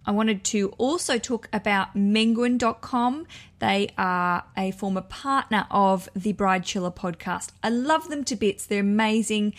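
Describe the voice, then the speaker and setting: A young woman hosts her podcast in a relaxed, chatty voice. She sounds eager and upbeat, and she breaks off now and then with playful asides to correct herself. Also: on the high side. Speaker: podcast host. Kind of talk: casual podcast chat.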